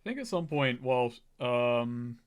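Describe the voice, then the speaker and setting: A man playing in a tabletop game, chatting in a relaxed, agreeable way. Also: medium pitch, measured pace, clear, resonant tone. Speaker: player. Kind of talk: casual tabletop play.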